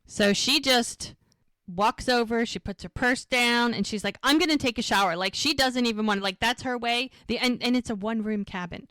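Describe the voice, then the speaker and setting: A woman's voice: fairly high pitch, normal speed, bright, forceful tone, smooth, no echo, studio quality. A woman co-hosting a casual rewatch podcast, recapping episode scenes and acting out the dialogue. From United States. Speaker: podcast co-host.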